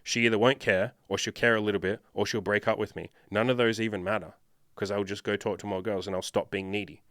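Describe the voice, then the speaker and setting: A man's voice: fairly low pitch, fairly even intonation, fast talker, fairly bright tone, no room sound, studio quality. A man working as a dating coach, answering viewer questions in a blunt, profane, lecturing monologue.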